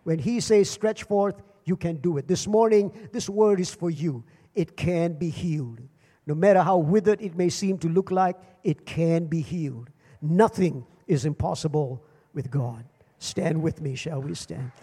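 Older pastor preaching, high, echoing hall. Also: male voice, unhurried, dark tone, slightly rough. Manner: dramatic swings in pitch and volume, repeats phrases. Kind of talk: sermon. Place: church service. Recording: long church hall reverb.

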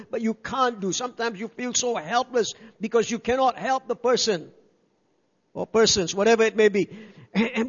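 An older man preaching a sermon, emphatic, repeating key words and calling for amens. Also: extremely high pitch. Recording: reverberant dull hall sound.

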